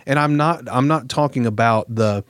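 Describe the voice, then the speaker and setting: A man's voice: medium pitch, normal speed, fairly bright tone, dry recording, clean studio sound. A man talking earnestly as a guest host on a casual podcast, with many fillers.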